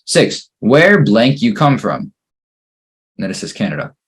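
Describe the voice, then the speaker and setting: Husky-voiced man teaching English grammar. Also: lowish voice, slow pace. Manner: patient, steady drilling through exercises, praising each answer. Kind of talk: online grammar lesson.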